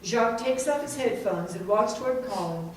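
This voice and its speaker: A woman's voice: a little high, animated, normal speed, distant mic. Woman narrator reading stage directions plainly, faint hiss in an echoey room.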